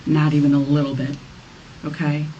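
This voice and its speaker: A woman's voice: low voice, monotone, normal speed, mellow, muffled recording. A woman police detective pressing a suspect during an interrogation, firm and repetitive in her accusations. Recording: distant mic in a noisy interrogation room.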